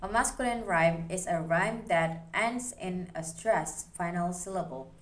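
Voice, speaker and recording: A woman's voice: fairly low pitch, animated, a little slow. A young woman student giving a recorded class presentation, explaining steadily as she reads through her slides.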